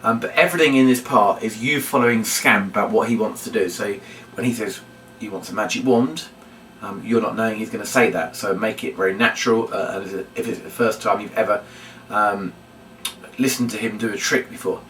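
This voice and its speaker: A man's voice: on the low side, a little fast, a bit bright, slight background noise. A man teaching a puppet routine, chatty and explanatory, often repeating his reminders. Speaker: puppetry instructor. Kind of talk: demonstration tutorial. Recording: roomy, from a distance.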